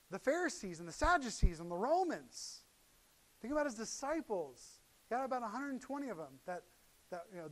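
Preaching a sermon, this middle-aged pastor has a fairly high voice and tells the story animatedly. He acts out the characters, leaping between loud, excited bursts and quiet, whispered asides.

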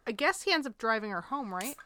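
A woman's voice: a little high, sing-song, fast talker, sharp tone, no echo. A woman in casual chat who chimes in with short agreements and laughs. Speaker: podcast co-host.

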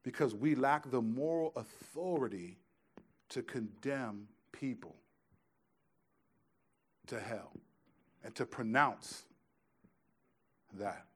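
A man preaching a sermon as pastor, emphatic, shifting from hushed lines to loud ones, with casual conversational asides. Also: mid-range voice, takes it slowly, long pauses, breathy edge. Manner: emphatic, swings between quiet and loud.

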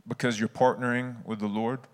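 A man's voice: medium pitch, flat delivery, a little fast. A man, preaching a sermon in an earnest, conversational storytelling way.

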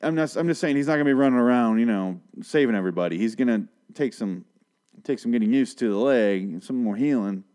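A man's voice: mid-range voice, fast, mellow. A man recapping a TV episode in a casual monologue, rambling and sarcastic, with plenty of swearing.

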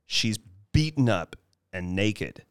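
A man in casual podcast talk about a film, animated and acting out lines from scenes. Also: takes it slowly, clean tone, no room sound, clean studio sound. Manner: animated, acts out film lines in high voices. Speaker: podcast host.

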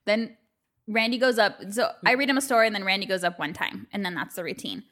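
Bright, chatty woman telling stories. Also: mid-range voice, expressive, fast. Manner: chatty storyteller who acts out quotes and laughs often. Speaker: podcast co-host. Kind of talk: casual chat.

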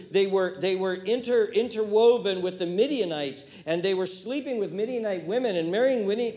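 A man preaching a sermon, animated, acting out quotes and swinging from hushed words to loud ones. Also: sits high. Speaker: pastor.

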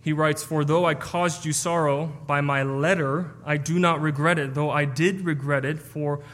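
A man's voice: fairly high pitch, fairly even intonation, normal speed, a bit bright. A man delivers an earnest, explanatory sermon in a slightly raised voice, now and then tripping over his words. His voice carries a long reverb, as in a large church sanctuary. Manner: earnest, explanatory, with stumbles and restarts. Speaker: preacher. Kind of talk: expository sermon.

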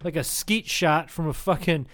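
Swearing, rambling male co-host, slightly higher voice, loose casual chat. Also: moderate pace, fairly bright tone. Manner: rambling, profane, keeps saying dude. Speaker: podcast co-host.

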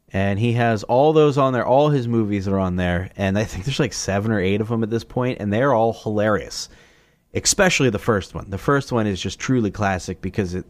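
A man with a fairly low voice talks through a list of movies in a casual solo podcast, rambling and cursing as he goes. He keeps jumping into excited, higher-pitched asides. The sound is close and dry, with no room echo. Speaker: podcast host.

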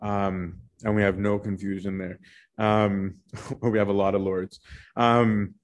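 Male Bible study leader, lowish voice, chatty teaching, lots of "right?" tags. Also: little pitch movement, takes it slowly. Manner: conversational, frequent "right?" and "um", restarts.

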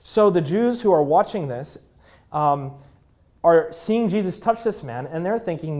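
A man in his thirties preaching a sermon in a conversational way, with fillers, dropping to a hushed voice at tender moments. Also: a little high, lively intonation, measured pace. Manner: drops to a hushed voice at moving moments. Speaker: pastor.

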